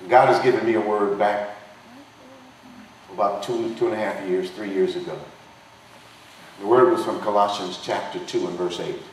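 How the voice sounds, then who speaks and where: A man with a lowish voice preaches an impassioned political sermon, hammering his points with repetition and a rising preacher's rhythm. He is picked up from a distance in a very echoey dinner hall. Faint noise hums under his voice. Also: fairly even intonation, normal speed, long pauses. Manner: emphatic preaching cadence with repetition. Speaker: pastor and congressional candidate.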